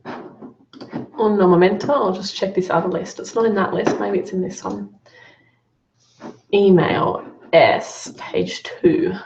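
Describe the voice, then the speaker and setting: A woman's voice: mid-range voice, a little slow, gravelly, a little mellow, slight background noise. A woman running a live online Q&A as a business coach, giving upbeat, encouraging feedback on students' work. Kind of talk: live Q&A session. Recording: roomy, dull lo-fi sound.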